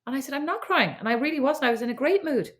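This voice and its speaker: A woman's voice: high-pitched, racing. A middle-aged woman with an Irish accent co-hosts a podcast from a remote recording setup. She chats casually, teasing her co-host and spinning anecdotes. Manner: chatty, teasing, storytelling. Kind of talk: casual chat.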